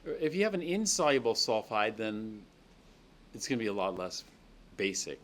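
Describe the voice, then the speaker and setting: A man's voice: fairly low pitch, very animated, moderate pace, a bit bright, slight background noise. A man teaching a chemistry class, explaining reactions step by step and checking in with students. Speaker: chemistry lecturer. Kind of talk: classroom lecture. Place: lecture classroom.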